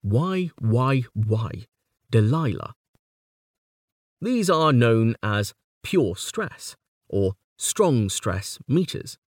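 A man reads a textbook on poetry aloud, slowly and carefully. His pitch rises and falls a lot as he stresses words. The recording is dry and close, with no room sound. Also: no echo. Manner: measured, deliberate reading. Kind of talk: audiobook reading of a poetry textbook.

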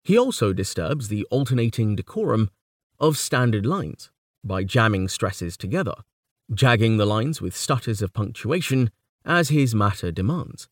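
Guy reading an audiobook, lowish voice that moves around a lot, measured pace, dry close sound. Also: big pitch swings, dry recording. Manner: measured reading, reciting verse quotations with feeling. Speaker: audiobook narrator. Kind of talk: scripted narration of a book on poetry.

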